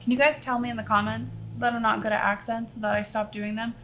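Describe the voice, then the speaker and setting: A woman's voice: fairly high pitch, little pitch movement, a little fast, fairly bright tone, faint music behind. A young woman vlogger chatting casually through a makeup tutorial, rambling and joking at her own expense as she talks to her viewers. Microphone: camera on a tripod.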